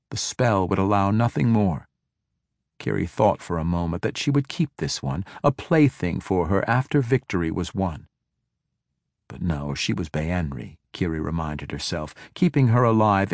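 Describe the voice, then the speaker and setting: Male audiobook narrator, low register, measured and dramatic, dry booth. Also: dry recording. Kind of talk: scripted fantasy narration.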